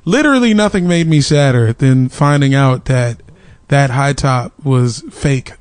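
A man's voice: mid-range voice, unhurried, slight background noise. A male stand-up comedian in casual chat, telling stories in a loose, slangy way.

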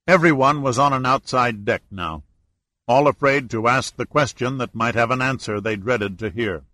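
A man narrating an adventure novel as an audiobook reader, in steady storytelling. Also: mid-range voice, moderate pace, no room sound. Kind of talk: scripted narration.

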